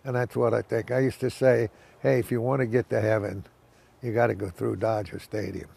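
A man's voice: on the low side, level tone, brisk, creaky, noisy background. A former baseball manager reminiscing casually, a folksy storyteller who acts out the voices in his anecdotes.

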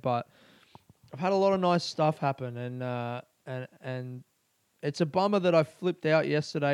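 A man's voice: a little high, clear, resonant tone, no echo. A young adult man with an Australian accent, a comedian hosting his own podcast, talking in a sweary, rambling way and acting out stories. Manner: sweary, rambling, acts out stories in raised voices. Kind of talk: solo casual podcast monologue.

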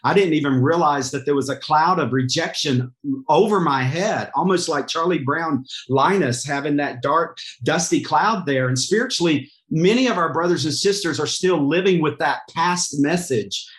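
Male podcast host, earnest, slightly high pitch. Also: fairly bright tone. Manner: earnest, affirming, quick amens. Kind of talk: casual faith podcast chat.

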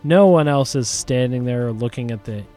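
A man narrating as game master, describing the scene in a relaxed, hedging way. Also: mid-range voice, moderate pace, soft background music. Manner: relaxed, descriptive, many hedges.

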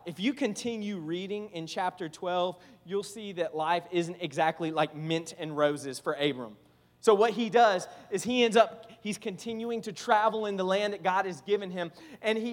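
A man with a high, light voice delivers a conversational sermon in a large, echoing hall. His delivery is animated, and he slips into acted-out voices for quoted speech before returning to plain teaching. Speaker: preacher.

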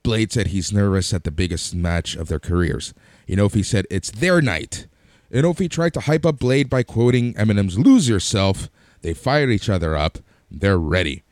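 Low-voiced man casually recapping a show. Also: lively intonation, moderate pace, no echo, clean studio sound. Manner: recaps events then gives offhand opinions, some fillers. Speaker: wrestling show reviewer.

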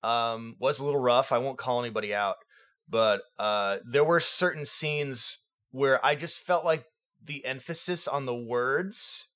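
A man co-hosting a casual film review chat, animated and acting out characters' lines as he retells scenes. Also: mid-range voice, measured pace. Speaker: podcast co-host.

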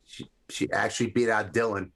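A man's voice: lowish voice, steady tone, brisk, a bit bright. Wry, teasing man in casual chat. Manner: teasing, wry, dramatic emphasis. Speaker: podcast co-host.

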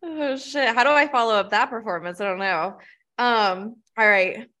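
A woman's voice: a little high, normal speed, pushed and bright. A woman in a casual podcast chat who swears freely, laughs a lot and jokes sarcastically. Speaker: podcast co-host.

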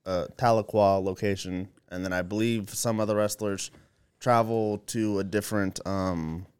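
A man in casual chat, agreeable and quick with short yeses. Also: on the low side, fairly even intonation, clear, resonant tone.

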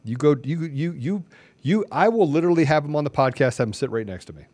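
A middle-aged man hosts a podcast, his slightly high voice moving with lively intonation as he talks fast on a dry recording. His monologue is preachy and impassioned, stacked with repeated rhetorical questions, and it climbs until he is nearly shouting.

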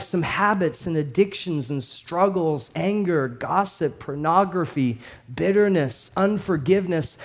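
A pastor in his thirties with a fairly high voice preaches an animated, storytelling sermon. He swings between hushed and loud moments and laughs along the way.

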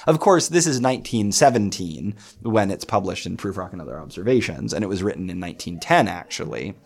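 Animated man explaining poetry meter. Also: low-pitched. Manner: animated, enthusiastic, reads verse aloud. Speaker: poetry lecturer.

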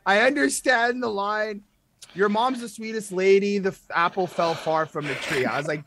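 Emphatic young man, higher voice. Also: lively intonation, moderate pace, background noise. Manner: emphatic, blunt, stammering restarts. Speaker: podcast co-host reviewing music. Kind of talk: casual album review chat.

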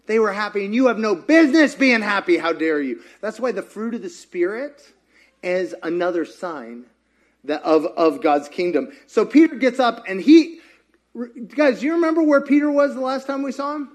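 A man preaching a sermon as pastor, animated and acting out quotes with humor. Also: high voice, normal speed. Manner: animated, acts out quotes, jokes with co-speaker.

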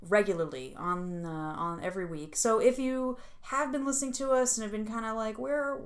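A woman's voice: a little high, fairly quick. A woman co-hosting a comic book podcast in casual, chatty talk with frequent laughs and restarts. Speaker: podcast co-host. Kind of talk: casual chat.

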